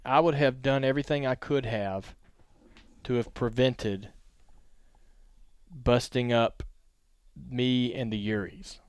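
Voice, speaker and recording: Smooth-voiced man telling podcast stories. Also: medium pitch, takes it slowly, pauses often, no echo. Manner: relaxed, rambling storyteller. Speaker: podcast host. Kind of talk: casual podcast storytelling.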